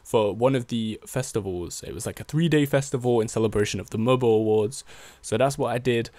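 A man's voice: medium pitch, brisk, a little mellow, no echo. A young man from Sheffield with a Sheffield accent, rambling casually in slangy, self-deprecating vlog chat. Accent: Sheffield English. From Sheffield, England. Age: young adult. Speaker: rapper and music producer.

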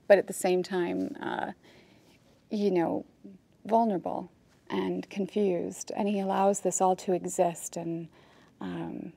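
A woman in her forties, an actress at a roundtable, talking in a thoughtful, halting way. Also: medium pitch, creaky, a little mellow, no echo. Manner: thoughtful, halting, with many restarts. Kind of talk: casual roundtable conversation. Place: studio with a group of guests.

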